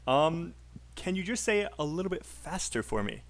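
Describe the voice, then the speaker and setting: A man's voice: fairly high pitch, sing-song, moderate pace. A British man teaching an online English speaking class, coaching students with encouraging feedback. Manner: encouraging, coaching, filler-heavy.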